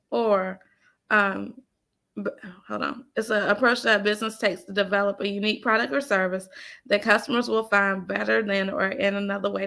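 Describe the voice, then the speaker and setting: Woman coach, faith-driven pep talk, folksy and preachy, slight fry in the voice. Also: mid-range voice, a bit bright. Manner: preachy, emphatic, repeats key phrases; folksy, addresses listeners as y'all and honey. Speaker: business coach and author. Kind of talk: faith-based motivational talk.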